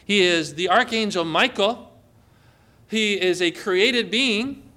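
A man's voice: sits high, slow pace, bright, forceful tone. A man preaching a sermon to a congregation, emphatic and asking them questions. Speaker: pastor.

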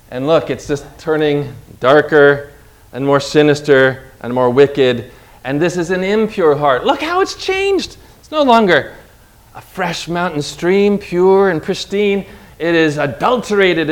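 A man preaching a sermon with an object lesson, swinging from quiet asides to loud, emphatic lines. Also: fairly high pitch. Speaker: pastor.

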